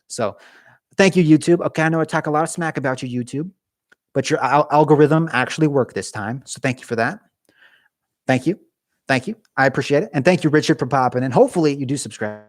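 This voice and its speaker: A young man chats live with his viewers in a loose, animated way, stumbling into restarts as his thoughts run ahead. His voice sits at an ordinary middle pitch, and the sound is dry and close with no room around it. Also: no echo. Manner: casual, animated, talks with his hands; chatty with frequent restarts. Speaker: YouTube gaming channel host. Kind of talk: live stream chat with viewers.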